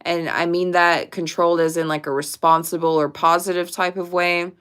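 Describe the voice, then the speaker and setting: A woman's voice: lowish voice, little pitch movement, normal speed, fairly bright tone, clear, resonant tone. A woman giving a casual pick-a-card tarot reading to camera, speaking directly and emphatically and swearing casually. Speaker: tarot reader.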